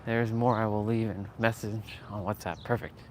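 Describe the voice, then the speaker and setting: A man's voice: on the low side, fairly even intonation, normal speed, a little hiss or hum. A man live-streaming from his phone while walking outdoors, chatting casually and laughing often as he talks to his viewers. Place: outdoors on a street. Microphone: phone on a gimbal.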